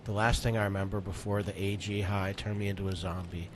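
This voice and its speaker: A man co-hosting a casual late-night show, talking in a relaxed way and agreeing often. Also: deep voice, background noise. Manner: relaxed, agrees often with quick yeahs and rights. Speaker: co-host.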